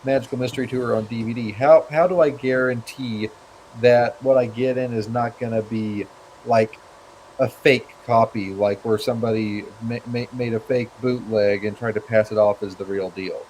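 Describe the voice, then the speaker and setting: Man, average pitch, halting questions, restarts, faint background noise, casual chat. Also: steady tone, a little mellow, low-quality recording. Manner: hesitant, repeats and restarts while asking questions.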